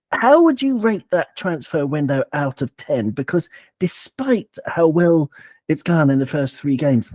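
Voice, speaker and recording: A man hosting a football podcast, talking in a playful, digressive, animated way. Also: medium pitch, dry recording, studio quality. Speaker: podcast host. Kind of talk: casual football chat.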